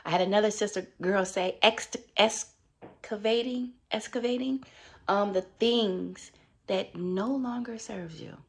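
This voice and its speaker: A woman's voice: medium pitch, unhurried, gravelly. A middle-aged woman vlogging about her juicing journey in a casual, upbeat, chatty way, with many fillers. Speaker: wellness vlogger. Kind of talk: casual motivational vlog.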